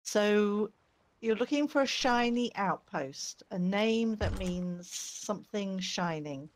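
A woman teammate calmly explaining the game quest, giggling now and then. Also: medium pitch, slow pace. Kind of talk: casual gaming chat. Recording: noisy game chat audio.

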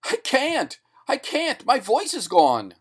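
A man voicing a panicked male ventriloquist who has lost his voice, crying out in frantic, high-pitched screams. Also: huge pitch swings, takes it slowly, husky, exaggerated voice.

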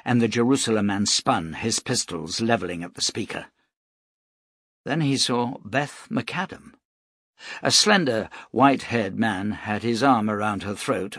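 A man reading an action novel aloud as an audiobook narrator, steady and dramatic. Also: on the low side, husky, no room sound, studio quality. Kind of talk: scripted narration.

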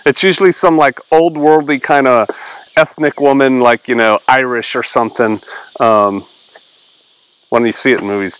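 A man's voice: mid-range voice, lively intonation, normal speed, a bit bright, slight background noise, rough recording. A male pastor giving a casual Bible teaching, reading verses aloud and explaining them in a conversational way.

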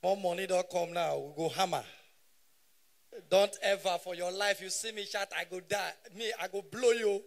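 A man in his thirties with a Nigerian Pidgin English accent, doing live stand-up comedy on stage and shouting punchlines in bursts. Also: high voice, normal speed. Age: 30s.

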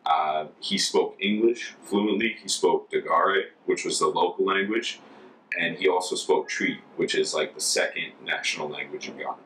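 Deep-voiced American man telling stories. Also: normal speed, a little hiss or hum. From United States. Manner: relaxed, chatty, full of "like". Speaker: former Peace Corps volunteer. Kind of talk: casual interview storytelling. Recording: distant mic with faint ambience.

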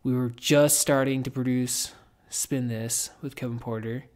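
A man's voice: mid-range voice, fairly even intonation, unhurried, a little mellow. A man hosting a podcast in casual, reflective chat, rambling with lots of filler words and swearing. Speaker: podcast host.

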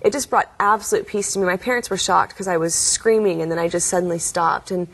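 A woman's voice: on the low side, quick pace, a bit bright, husky. A young adult woman, a guest in an interview, telling her story in an earnest way and acting out quoted voices. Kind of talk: interview testimony.

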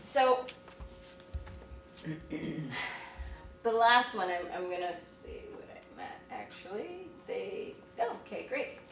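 A woman teaching artist talking casually and exuberantly about her career, with lots of animated exclamations. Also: mid-range voice, takes it slowly, pauses often, soft background music. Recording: echoey room from a distance.

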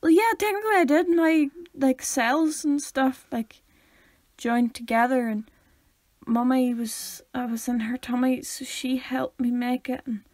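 A young Northern Irish woman with a high voice co-hosts a podcast, chatting casually and playfully with deadpan jokes. When reading aloud she stumbles a bit. She's close to the mic in a dry room with no room sound.

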